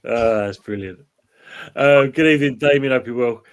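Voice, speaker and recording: A man hosting a casual livestream, reading chat comments aloud in a relaxed way. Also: medium pitch, normal speed, clear, resonant tone. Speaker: show host reading live chat.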